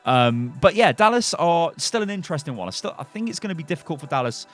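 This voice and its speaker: A man's voice: fairly high pitch, quick pace. British guy chatting through esports news, bouncy up and down voice, faint music under. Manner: animated, opinionated, chatty with fillers. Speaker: gaming news host. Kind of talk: casual news commentary.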